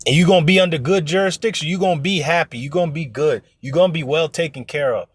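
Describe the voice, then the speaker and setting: Man, informal preacher, blunt, profane, emphatic, fairly high voice, dry close sound. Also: quick pace, husky, no room sound. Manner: acts out voices in his stories. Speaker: religious teacher. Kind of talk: informal preaching to an online audience.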